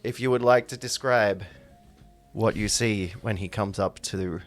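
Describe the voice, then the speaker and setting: Low-voiced male game master. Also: a little slow, faint music behind. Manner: casual, swears often. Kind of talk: narrating a tabletop game.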